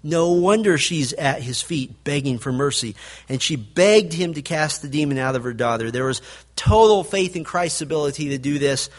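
A male pastor preaching a sermon, building to emphatic peaks and then dropping to a quiet, low delivery. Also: moderate pace.

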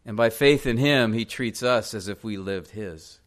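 A man's voice: fairly low pitch, normal speed. A male pastor preaching a sermon in a church, earnestly pressing direct questions on the congregation.

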